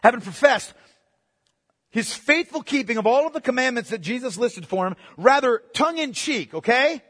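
A man preaching a sermon as pastor, swinging between loud emphatic bursts and hushed asides. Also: very high-pitched, lively intonation, moderate pace, in a large hall.

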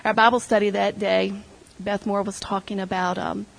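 With a mid-range voice, flat delivery, and vocal fry, a middle-aged woman shares an emotional testimony with her church group at a moderate pace. She retells conversations, quoting others along the way, on a rough recording.

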